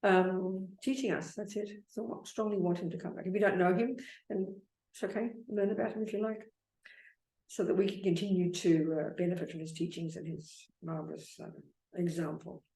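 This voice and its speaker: A woman's voice: on the low side, steady tone, normal speed, creaky, mellow. A woman Buddhist teacher giving a dharma talk and answering questions, blunt and repetitive, calling listeners darling and sweetheart. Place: meditation center hall. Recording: echoey teaching hall.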